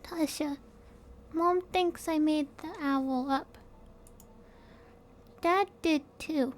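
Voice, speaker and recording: A woman's voice: high-pitched, very slow, a little hiss or hum, pitched above the performer's own voice. A woman voicing a small, anxious little sister who talks in an earnest, pleading way. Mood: scared. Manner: chatty, earnest, childlike pleading.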